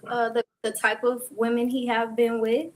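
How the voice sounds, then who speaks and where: A woman with a fairly high voice speaks in a measured, thoughtful way on a casual talk show, pausing on fillers as she weighs her words. A faint hiss of background noise sits under her voice. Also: little pitch movement, a little mellow.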